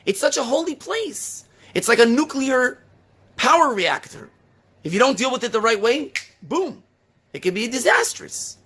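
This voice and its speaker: A man preaching a sermon in a high, husky voice. His pitch swings widely as he stresses points and asks question after question. He tells the story in a lively, engaged way. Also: moderate pace. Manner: animated, rhetorical questions, storytelling. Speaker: rabbi.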